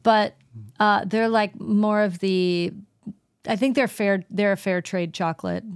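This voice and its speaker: A woman's voice: mid-range voice, a little slow, smooth. A woman co-hosting a casual podcast, speaking in a light, playful way and laughing easily. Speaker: podcast co-host.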